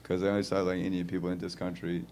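A man performing a stand-up comedy set with a sardonic, deadpan delivery. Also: sits low, rapid-fire, a little hiss or hum. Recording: comedy club set with audience laughter. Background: crowd laughter.

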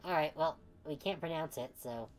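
A woman's voice: deep voice, moderate pace, a little hiss or hum. A woman streaming a game, chatting casually and playfully, joking and laughing often. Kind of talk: casual let's-play commentary.

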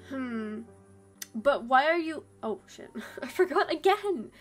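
High-voiced woman reading game dialogue. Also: sing-song, a little slow, soft background music. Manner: reads game lines in character voices, breaks off to chat. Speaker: game streamer.

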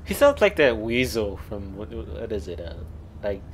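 A man's voice: on the low side, big pitch swings, normal speed, slight background noise. A man streaming a game live, casually muttering and swearing as he plays. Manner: casual, profane, muttering to himself. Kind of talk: live gameplay commentary.

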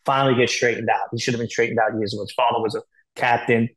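Male guest, speaks fast, blunt and profane, rambling candid storyteller. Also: medium pitch, steady tone, a bit bright, rough recording. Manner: rapid, blunt, profane, filler-heavy storytelling. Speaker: podcast guest.

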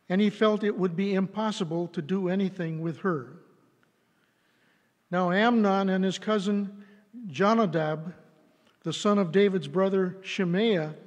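A man reads scripture aloud in a church sanctuary. He is measured and deliberate, and his voice sits high. A long reverb rings after each line. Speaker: scripture reader. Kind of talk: scripture reading.

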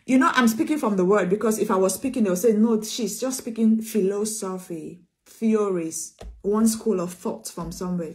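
A woman's voice: medium pitch, dark tone. A woman preacher, preaching an emphatic sermon, repeating phrases and calling listeners sweetheart.

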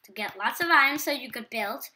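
A woman's voice: sits high, lively intonation, a little fast, pushed and bright, slight background noise. A teenage girl with an English accent chatting casually while playing a video game, self-deprecating and talkative. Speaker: gaming YouTuber. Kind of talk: casual gameplay commentary.

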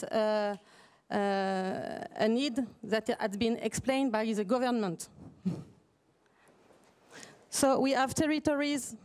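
A woman's voice: on the high side, darkish tone. Hesitant French-accented woman presenting. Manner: hesitant, many fillers and restarts, apologetic. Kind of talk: conference presentation.

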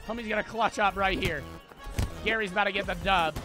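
Slangy, high-voiced young man streaming. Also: fairly quick. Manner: slangy, excitable, swears often. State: out of breath. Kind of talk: casual gaming commentary. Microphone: headset. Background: game music.

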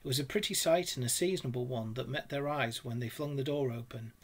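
A man, a teacher, reading a classic storybook aloud in a steady, expressive way. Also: medium pitch, fast, slightly rough.

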